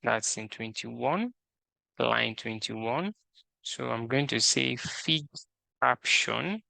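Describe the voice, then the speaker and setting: A man narrates a screen-recorded programming walkthrough in a medium-pitched voice that is expressive, gravelly and sharp, with no echo. He's slow and methodical, reading out the task instructions and talking through what he does.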